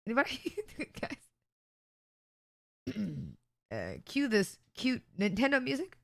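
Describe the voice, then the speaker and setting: A woman's voice: a little high, wildly swooping pitch, takes it slowly. A woman streamer chatting casually with her viewers, rambling, sarcastic and often laughing. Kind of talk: casual live-stream chat.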